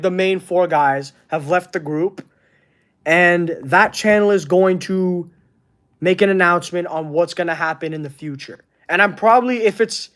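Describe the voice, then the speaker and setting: A man from Canada, hosting a casual livestream and chatting with viewers in a halting, earnest way as he searches for words. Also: high-pitched. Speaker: wrestling channel host. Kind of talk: casual livestream chat reading comments.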